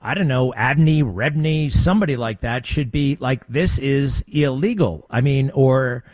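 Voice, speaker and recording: A male talk show host with a mid-pitched voice, relaxed and wry as he steers the talk with quick questions. The sound is dry and close. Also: no echo. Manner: casual, wry, interrupting with questions. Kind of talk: hosting a talk show discussion.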